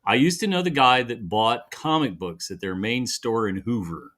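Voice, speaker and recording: A man's voice: medium pitch, normal speed. A man co-hosting a casual live chat show, telling a long anecdote and acting out the people in it. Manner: animated storyteller acting out quoted voices. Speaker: podcast co-host.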